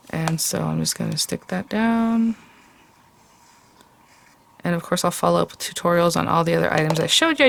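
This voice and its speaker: A woman with a low voice talks her way through a hands-on craft demo. She chats casually and thinks aloud as she works, with a gravelly fry in her voice. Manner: chatty, thinking aloud while working by hand. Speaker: craft tutorial host.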